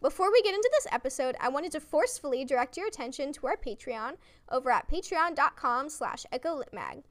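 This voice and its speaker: A young woman hosting a literary podcast, giving a brisk, chatty introduction and promo. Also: sits high, lively intonation. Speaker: podcast host.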